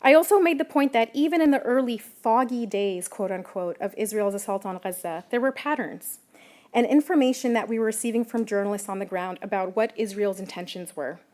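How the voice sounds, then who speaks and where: A woman journalist giving a prepared public talk, measured and emphatic, stressing key words. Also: medium pitch, darkish tone. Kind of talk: prepared lecture.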